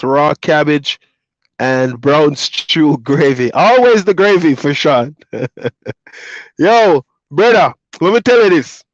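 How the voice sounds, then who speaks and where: A man's voice: a little high, dry recording. A man from Jamaica with a Jamaican accent, whose first language is Patois, casually reading viewer comments aloud and chatting back on a livestream. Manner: reads viewer comments aloud and chats back, easygoing, laughs often. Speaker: truck driver streamer. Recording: dull lo-fi dry sound.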